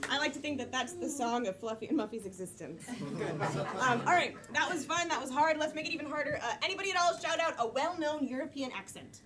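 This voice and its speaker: A woman's voice: sits high, animated, fast. A woman hosting an improv comedy show on stage, prompting the audience for suggestions. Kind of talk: live improv emceeing. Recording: live audience crowd noise.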